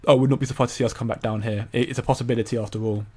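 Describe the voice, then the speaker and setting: A young man hosts a casual crypto commentary stream, reading viewer comments while rambling with many stumbles and repeated words. His medium-pitched voice is steady, mellow and slightly rough, and he talks very fast.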